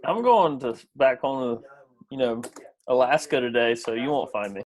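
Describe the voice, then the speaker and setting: A man's voice: medium pitch, animated, moderate pace. A man from South Carolina with a Southern US accent, a student in a class, making dry joking replies.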